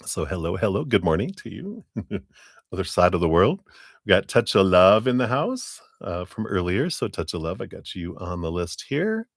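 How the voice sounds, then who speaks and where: A man with a very low voice hosts a live tarot stream, chatting casually and warmly greeting viewers one by one. His sound is dry and close, with no room echo. He chuckles easily between names. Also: big pitch swings, normal speed. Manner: friendly, greets viewers by name, chuckles often.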